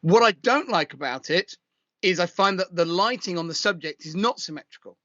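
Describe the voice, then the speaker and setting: A man from the UK co-hosting a casual chat, giving measured, critical photo reviews. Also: high-pitched, lively intonation, sharp tone, no room sound. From United Kingdom. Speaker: co-host. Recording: dull lo-fi sound.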